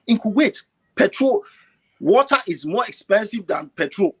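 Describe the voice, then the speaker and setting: Impassioned husky man on a video call. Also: big pitch swings, normal speed, fairly bright tone. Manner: impassioned, rising to high emotional pitch, repeats himself. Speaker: caller. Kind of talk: passionate online call-in talk.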